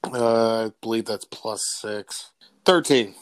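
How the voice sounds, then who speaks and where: A man's voice: fairly low pitch, takes it slowly, no echo. A man playing a tabletop game who lays out his moves step by step. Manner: methodical, declaring actions step by step. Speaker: player. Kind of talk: casual tabletop play.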